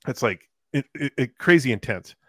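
A man, a paramedic, telling a long call story in a casual, animated way, with many fillers. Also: mid-range voice, normal speed, dry recording. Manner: animated, laughing anecdotes with filler words. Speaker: paramedic guest.

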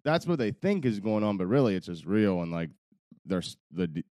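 Man, young, casual podcast chat, rambling, laughing, deep, dry close sound. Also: very animated, brisk, warm tone, no room sound. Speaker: podcast co-host.

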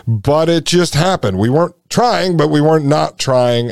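A man's voice: medium pitch, a little mellow, no echo, clean studio sound. A man in his forties hosting a podcast, telling a personal story in a casual, conversational way and acting out the dialogue he quotes. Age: 40s. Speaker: podcast host.

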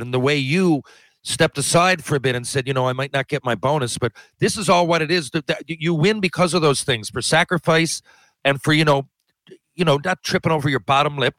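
A man in casual chat as host, talking in a low easy tone and swearing now and then. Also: a little fast, a bit bright, dry recording.

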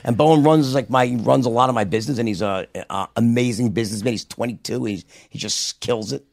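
Guest, man, middle-aged, New York accent; gravelly, animated, swears freely, restarts sentences. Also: mid-range voice, fast talker, no room sound, studio quality. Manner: animated, profane, loud impressions with repeated restarts. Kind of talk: candid storytelling in conversation.

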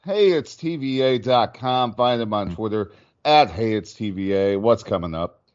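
A man's voice: fairly low pitch, moderate pace, dull audio. A man hosting a podcast, chatting loosely with lots of fillers and casual swearing. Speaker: podcast host. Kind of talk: casual chat.

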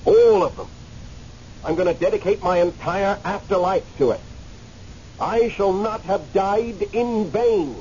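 A man with a high-sitting voice and measured pace acts in a radio drama as someone who has just died and hangs in limbo. Angry and pleading, earnest and agitated, he stammers hesitantly at times and then becomes impassioned. The sound is muffled, radio-like, with faint hiss.

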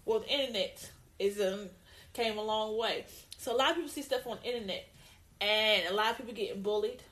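A woman co-hosting a casual opinion talk, emphatic and repeating her points, with lively put-on greetings. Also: mid-range voice, a little fast. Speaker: co-host.

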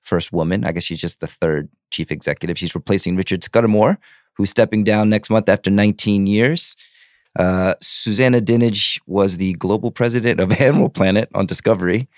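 A man's voice: fairly low pitch, fairly quick, darkish tone, no echo, studio quality. A young man co-hosting a sports podcast, chatting casually and swearing now and then. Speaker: podcast co-host.

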